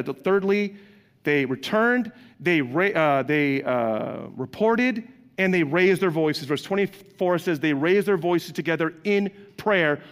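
A male pastor preaches in a relaxed, conversational sermon, often putting questions to his listeners and acting out the voices he quotes. His voice sits a little high for a man. The sound carries a long reverb, as from a large church hall.

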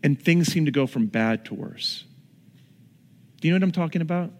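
Man, pastor, conversational sermon, slightly high voice, long hall reverb. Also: lively intonation, normal speed. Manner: conversational preaching with acted-out asides. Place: church sanctuary.

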